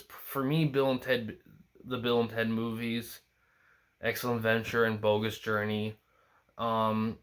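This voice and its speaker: A man's voice: medium pitch, a bit bright. Young male host, casual solo film talk, rambling and full of restarts, mid-range voice. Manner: rambling, many restarts and fillers.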